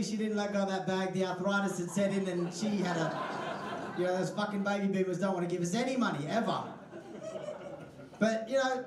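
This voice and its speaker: A young Australian man doing a stand-up set, telling lively stories, swearing freely and acting out the voices of others. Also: high voice, slight background noise. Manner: lively storytelling, swears a lot, acts out voices. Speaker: stand-up comedian. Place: comedy club stage. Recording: echoey room, distant mic.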